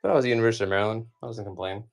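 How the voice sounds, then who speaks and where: A man's voice: on the low side, very fast, vocal fry. A man in his forties from the United States, rambling casually through a live-stream comic auction with lots of fillers and asides. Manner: rambling and chatty, many fillers.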